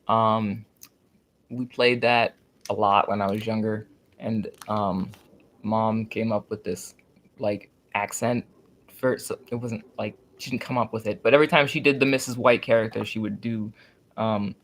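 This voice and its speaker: A young adult livestreamer with a mid-range, slightly bright voice chats casually and rambles. They swear freely and turn giggly and flustered while reacting to old drawings.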